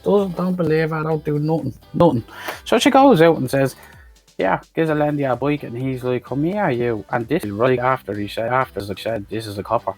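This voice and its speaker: A man rattles through a movie plot in a husky, mid-pitched voice. He swears freely, wanders off on tangents and drops sarcastic asides. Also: a little fast, soft background music. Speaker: film reviewer. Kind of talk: profane comedic movie recap.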